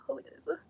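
A woman's voice: sits high, darkish tone. A young woman vlogging casually as she tries a skincare test, gasping, exclaiming and often dropping to a whisper. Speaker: YouTuber. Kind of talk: casual vlog narration while doing a skincare test.

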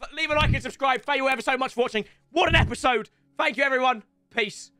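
A young man giving excitable gaming commentary, animated, swearing and yelling at the game. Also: extremely high pitch, fast, no echo. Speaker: gaming YouTuber.

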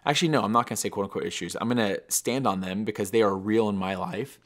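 A man's voice: on the low side, fast, a bit bright. A man hosting a daily devotional podcast, speaking in an earnest, reflective way that turns emotional at times.

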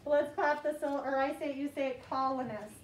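A woman teaching second graders, saying words slowly and clearly for the class to repeat. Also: sits high, fairly even intonation, slight background noise. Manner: slow, clear call-and-response teaching. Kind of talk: classroom vocabulary lesson. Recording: echoey classroom mic from far off.

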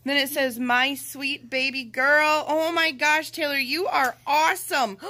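Gushing high-voiced mom opening mail. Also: female voice, steady tone, unhurried, sharp tone. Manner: gushing, gasping, says "oh my gosh" often. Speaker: vlogger, mother. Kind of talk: excited unboxing chat.

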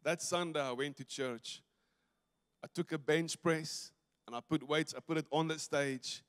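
A South African pastor preaches with a notably high voice, telling his story in a lively way and acting out every exchange. His voice rings with a long reverb through a church hall. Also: unhurried. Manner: animated, acts out dialogue, breaks into laughter. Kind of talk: storytelling sermon. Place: church stage.

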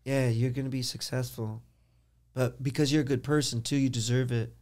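A man quoting a calm, soft-spoken stranger. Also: mid-range voice, fairly quick, close to an everyday voice. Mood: calm, earnest.

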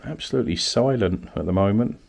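A man's voice: on the low side, fast talker, vocal fry, a little mellow. A man from Kent, a paranormal investigator in an abandoned cottage at night, calling out politely to spirits and coaxing them to answer. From Kent, England. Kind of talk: ghost-hunting narration.

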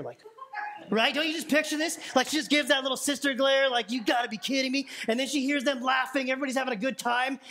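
A man's voice: very high voice, fairly bright tone. A man preaching a sermon as pastor, in a conversational, playful way that asks questions of the congregation. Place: church sanctuary.

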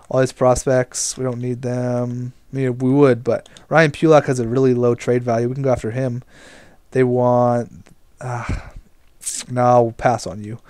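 A man's voice: mid-range voice, a little mellow, clear, resonant tone, no room sound. A young man giving casual gameplay commentary as he manages a hockey team, talking to himself, getting frustrated and swearing. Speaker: gaming commentator.

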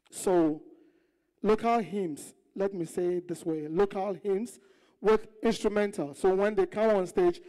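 A show host announcing live on stage, loudly, repeating phrases. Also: mid-range voice. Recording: long hall reverb.

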